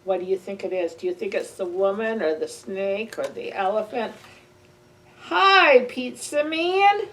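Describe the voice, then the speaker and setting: A woman's voice: mid-range voice, fairly quick, few pauses, a little mellow. A woman librarian reading a picture book aloud to children in a playful way, with animal sound effects. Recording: distant mic with faint ambient noise.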